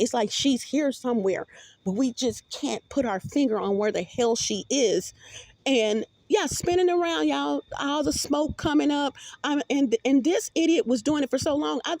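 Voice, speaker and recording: A woman's voice: high voice, a little mellow, no room sound. Rambling, profane woman talking into her phone. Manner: rambling, profane, with many restarts. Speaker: vlogger. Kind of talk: casual rambling monologue.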